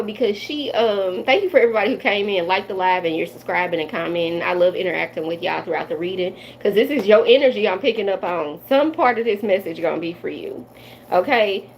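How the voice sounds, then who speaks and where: A woman's voice: mid-range voice, a little hiss or hum, low-quality recording. Chatty woman in her forties. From Midwestern United States. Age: 40s. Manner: chatty, loose, addresses viewers as y'all. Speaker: tarot reader hosting a live stream. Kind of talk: casual live-stream chat.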